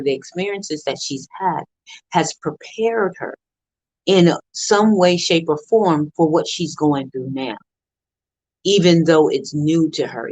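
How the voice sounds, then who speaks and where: A woman's voice: low voice, a little mellow, dry recording, low-quality recording. A middle-aged woman giving an earnest motivational talk on a live stream, with a preacher-like rhythm of repeated phrases. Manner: earnest, preacher-like cadence with repetition. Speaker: motivational speaker.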